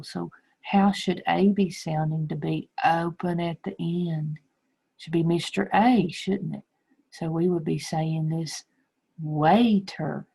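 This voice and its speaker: A middle-aged woman teacher explaining phonics to young children slowly and patiently. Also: on the low side, creaky, darkish tone, slightly rough, poor audio. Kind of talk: recorded phonics lesson.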